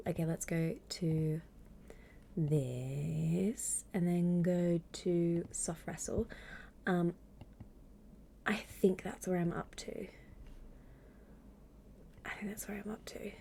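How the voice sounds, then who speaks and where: A woman reads aloud and chats on a live stream from her home desk microphone. Her voice is low and mellow with a gravelly fry, and she slips often into a soft, wry half-whisper. It has the hushed closeness of a home stream. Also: a little hiss or hum. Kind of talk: soft-spoken stream reading and chat.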